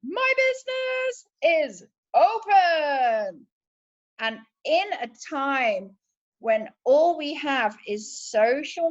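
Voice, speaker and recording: A woman's voice: sits high, muffled recording. A woman with a British accent giving an enthusiastic, chatty motivational talk as a sales team leader. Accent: British English.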